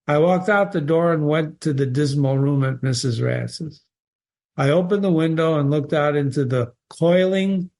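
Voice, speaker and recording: A man reading passages from a short story aloud and analyzing them, stopping often to put rhetorical questions to his listeners. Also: mid-range voice. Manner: animated, questioning, stops to quote the text and ask rhetorical questions. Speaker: literature teacher.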